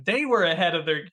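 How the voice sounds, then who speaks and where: A man as a guest in a casual video-call interview, an animated storyteller who laughs often and acts out the lines he quotes. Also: high voice. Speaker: guest, filmmaker and game master.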